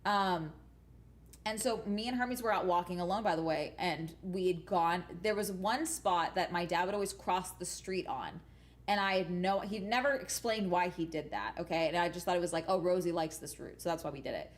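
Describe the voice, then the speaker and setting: A woman's voice: lowish voice, normal speed. Woman streamer telling emphatic, swear-laden stories. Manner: profane, emphatic, keeps adding "okay?". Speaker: livestream host chatting with viewers. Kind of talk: casual rambling storytelling. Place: at home.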